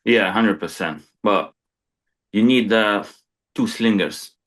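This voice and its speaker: A man's voice: lowish voice, slow pace, fairly bright tone. A man who is a crane supervisor, talking in casual podcast chat, plain-spoken and peppered with "you know".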